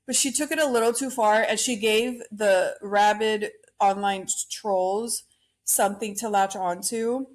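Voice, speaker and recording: A woman's voice: mid-range voice, steady tone, measured pace. Blunt, opinionated woman podcast host. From Cuban-American. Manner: blunt, opinionated, swears freely. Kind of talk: solo opinion podcast rant.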